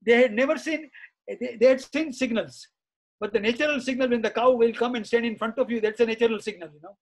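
Recorded in poor audio, this middle-aged interview guest talks fast in an extremely high pitch. He tells anecdotes in a chatty, nostalgic manner, filling gaps with "you see" and "uh".

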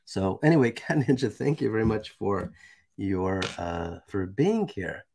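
A man's voice: on the low side, big pitch swings, unhurried, vocal fry, darkish tone. A man hosting a live stream, reading a text aloud and chatting casually with viewers. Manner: casual, chatty, asides to the chat.

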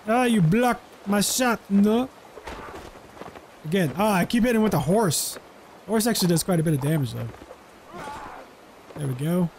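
A man with a notably high voice gives loose, chatty commentary over his gameplay. He is playful and easygoing, and slips into half-serious role-play now and then. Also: expressive, moderate pace, pauses often, a little mellow, a little hiss or hum.

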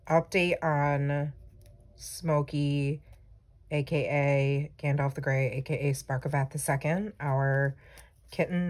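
Woman, low voice, lively swings, slow pace, rambling casual chat. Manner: chatty, rambling, self-teasing. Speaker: planner vlogger. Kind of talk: casual chat while crafting.

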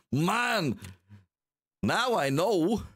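Male streamer, casual gaming chatter, very animated pitch, unhurried delivery, faint music behind. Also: breathy edge. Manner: exclaims, laughs and chats with viewers.

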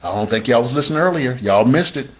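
A man teaching real estate investing on a livestream, energetic and repetitive in a call-and-response way, sometimes acting out his viewers' questions. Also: medium pitch, fast talker.

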